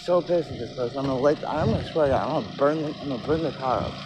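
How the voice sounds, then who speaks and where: A man's voice: medium pitch, rapid-fire, over music, rough recording. A man ranting and answering viewer comments on a casual livestream, profane and agitated, in tooth pain.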